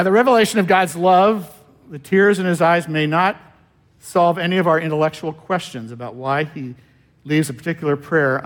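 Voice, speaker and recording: A male pastor delivering a sermon with a slightly higher voice. He speaks slowly and deliberately, pausing often and letting his phrase endings fall away quietly. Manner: slow, measured preaching with long pauses and trailing-off endings.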